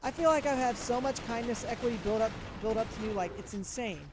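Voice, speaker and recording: A man giving live gameplay commentary and chatting with viewers, reacting loudly to the action and dropping to soft mutters in between. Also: very high-pitched, fast, background noise. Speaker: gaming streamer.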